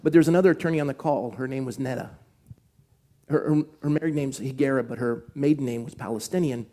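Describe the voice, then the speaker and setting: Male pastor, mellow tone, earnest sermon storytelling, slows to hushed emphasis for key points. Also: medium pitch. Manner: earnest, shifts from animated retelling to slow hushed emphasis. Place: church.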